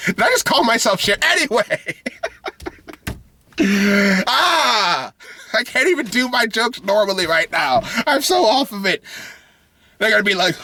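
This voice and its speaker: A man's voice: very high-pitched, expressive, normal speed, creaky, sharp tone, no room sound. A man ranting in a vlog, heated and profane, frustrated and often laughing. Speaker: anime video creator.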